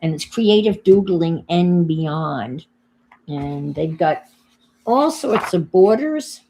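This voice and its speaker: A woman's voice: lowish voice, animated, slow, mellow, a little hiss or hum. An older woman with a New York accent, chatting casually to viewers on her crafting livestream while she works. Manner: chatty, thinks aloud while working, greets viewers.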